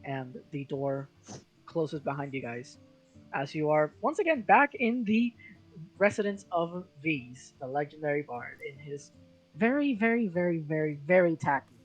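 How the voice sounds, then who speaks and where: A game master narrating a tabletop game in a casual, halting way, with many fillers. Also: medium pitch, sing-song, dull audio, faint music behind.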